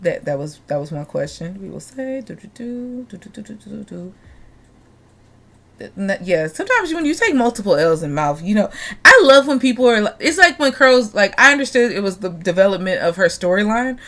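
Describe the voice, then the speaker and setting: A woman's voice: mid-range voice, very animated, normal speed, fairly bright tone. Joking, profane woman hosting a podcast. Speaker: podcast host. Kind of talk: casual podcast chat.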